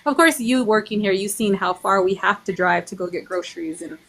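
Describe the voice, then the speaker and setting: Woman, 40, from the Navajo Nation, earnest podcast guest, mid-pitched with halting restarts. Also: creaky, fairly bright tone. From Navajo Nation, Arizona. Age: 40s. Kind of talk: casual chat.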